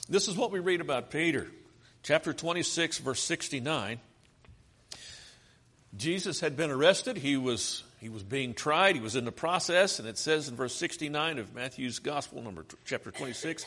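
Earnest preacher with a lively, swinging voice. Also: male voice, on the high side, normal speed. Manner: earnest, pleading, asks rhetorical questions. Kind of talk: sermon.

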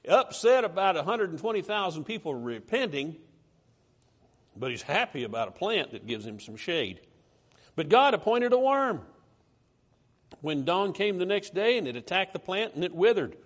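Animated high-voiced preacher man. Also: normal speed. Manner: animated, conversational, reads scripture aloud with rising emphasis. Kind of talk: sermon.

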